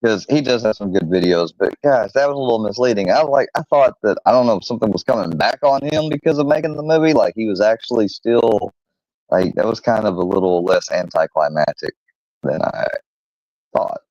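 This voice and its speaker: A man hosting his own channel, rambling defensively with many fillers and pauses as he rants casually. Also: fairly low pitch, lively intonation, a little mellow, dry recording. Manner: rambling, halting, full of fillers; defensive, irritated. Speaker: channel host. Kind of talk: rambling casual vlog rant. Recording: dull lo-fi close recording.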